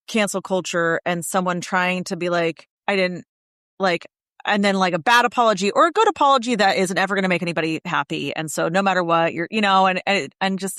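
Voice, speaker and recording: A woman's voice: on the low side, fairly bright tone, dry recording, clean studio sound. A woman guest on a podcast, talking candidly and animatedly in casual conversation and swearing freely.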